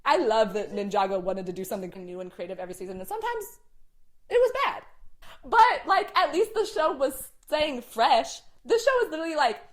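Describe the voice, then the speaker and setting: A young woman hosting a casual chat, animated, swearing and packing her talk with "like". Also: a little high, brisk, hardly any pauses. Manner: animated, swearing, many "like" fillers. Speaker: host.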